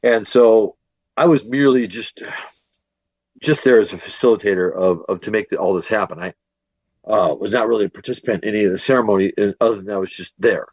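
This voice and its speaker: A man's voice: on the low side, fairly quick, dry recording, dull audio. A man from Northwest Indiana telling a long ghost-hunting story in a podcast interview, rambling with lots of fillers and restarts. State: a bit worn from a day of teaching. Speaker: paranormal investigator and teacher guest.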